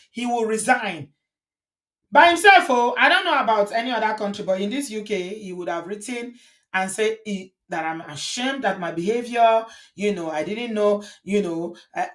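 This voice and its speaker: A woman hosting a show comments indignantly on a viral video, repeating phrases for emphasis. Her voice is medium-pitched and a bit bright, and the commentary is casual.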